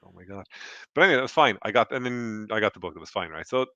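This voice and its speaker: A man's voice: lowish voice, lively intonation, rapid-fire, muffled recording, a crowd in the background. A man with an Irish accent, a podcast co-host telling a rambling, anecdotal story in casual chat from home. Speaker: podcast co-host on a charity stream.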